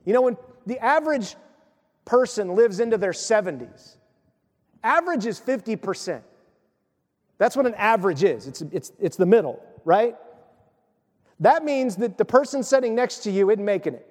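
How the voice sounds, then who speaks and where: A man preaching a sermon in a lively, conversational way, breaking into playful acted asides. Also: high-pitched, normal speed, long pauses, in a large hall. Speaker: pastor.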